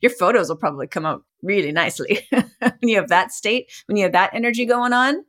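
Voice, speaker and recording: A middle-aged woman hosts a podcast and talks listeners through a self-help exercise. She is encouraging and conversational, laughs often, and speaks at an ordinary pitch for a woman. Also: lively intonation, brisk, fairly bright tone. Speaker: podcast host and coach.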